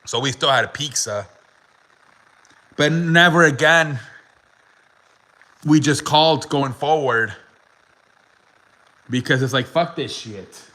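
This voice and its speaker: Young male host, bright forceful voice, slightly high pitch, laughing casual storyteller who swears and fills with "like". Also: takes it slowly, long pauses, poor audio. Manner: laughing often, swearing, many "like" fillers. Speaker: podcast host.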